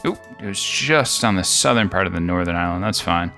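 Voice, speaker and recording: A man hosting a game video, chatting casually and thinking out loud in a rambling, jokey way. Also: deep voice, fairly quick, gravelly, soft background music. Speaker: gaming video host.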